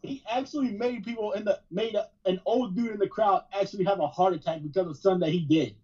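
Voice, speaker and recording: A man's voice: sits high, fast talker, warm tone, slightly rough. A man co-hosting a podcast, telling stories casually with frequent restarts. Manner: storytelling with repeated restarts. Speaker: podcast co-host. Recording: dull lo-fi sound.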